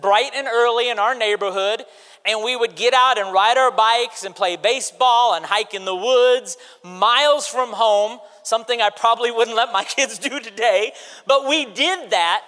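Guy preaching, really high bright voice, lively and calling out to the church, big echoey hall. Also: normal speed. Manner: animated, calls out to the congregation. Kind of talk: sermon with audience participation. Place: church sanctuary. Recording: hall reverb in a large church.

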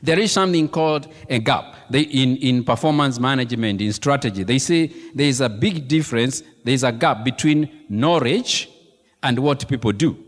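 A man preaching a sermon as pastor, animated and emphatic, repeating key phrases and throwing questions to the congregation. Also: medium pitch, moderate pace. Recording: long reverb of a large hall.

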